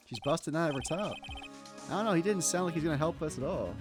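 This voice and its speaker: A man's voice: fairly high pitch, animated, quick pace. A man streaming a video game, making casual, crude and joking asides. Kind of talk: casual let's-play commentary. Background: video game music.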